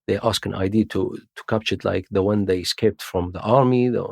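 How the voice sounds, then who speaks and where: Gravelly Iraqi man telling his story. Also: on the low side, brisk, a little mellow, dry recording, clean studio sound. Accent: Iraqi Arabic, with London English slang. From Iraq. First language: Arabic. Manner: broken English, acts out voices in his stories. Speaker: podcast guest. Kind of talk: casual storytelling interview.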